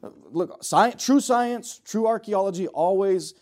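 A middle-aged man preaching a sermon, swinging from loud urgent exhortation to low joking asides with the congregation. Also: unhurried.

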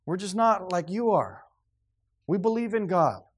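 A man's voice: sits high, big pitch swings, a little slow, voice pushed up, exaggerated voice. A man voicing dismissive, worldly young grandchildren who brush off their grandfather's faith. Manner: flippant, brushing off.

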